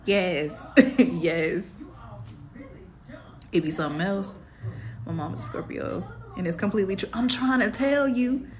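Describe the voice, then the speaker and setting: A young woman, hosting a casual astrology live stream in a sassy, animated way. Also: mid-range voice, a little slow, pauses often. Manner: sassy, animated, calls viewers "baby".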